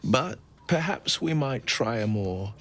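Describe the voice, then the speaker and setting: A man's voice: mid-range voice, lively intonation, slow, fairly bright tone, a little hiss or hum. A man voicing a courteous, romantic young warlock hero in a video game. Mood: gallant, tender.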